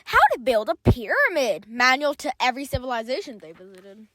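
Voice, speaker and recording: Lively high-voiced woman, playful. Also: brisk, no room sound, low-quality recording. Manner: playful, teasing, keeps suggesting aliens. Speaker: co-host. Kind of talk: scripted kids' history dialogue.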